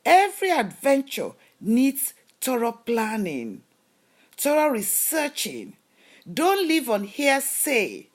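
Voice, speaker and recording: This woman, a lifestyle vlogger based in Canada, speaks slowly with a high voice and huge swings in pitch. Her talk is emphatic and motivational, full of rhetorical questions and advice.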